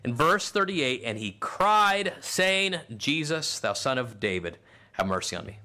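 A middle-aged man preaching a sermon, dropping low and then rising to near-shouts for emphasis. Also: very animated, measured pace. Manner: swings from quiet to shouted emphasis. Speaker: pastor.

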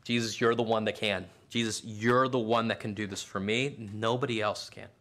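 Male preacher, bright tone, chatty sermon delivery, can build to shouting. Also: fairly low pitch, fairly even intonation, normal speed. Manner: conversational preaching that rises to shouted acted-out crowd voices.

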